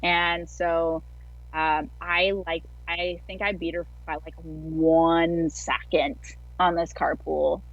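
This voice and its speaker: A woman with a lowish voice tells her story in a relaxed, chatty way, peppering it with filler words. She comes through a video call with dry, close sound. The audio is dull and lo-fi, with the muffled top end of an online call. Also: slow, no echo. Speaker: guest athlete. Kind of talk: casual storytelling interview.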